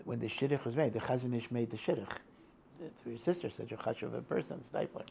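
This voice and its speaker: A man's voice: mid-range voice, creaky, slight background noise. An older man teaching a rabbinic class in a loose, storytelling way, often restarting his sentences and mixing in Hebrew and Yiddish terms. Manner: acts out a loud, shouting old rabbi in quotes. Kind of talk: informal Torah lecture with stories.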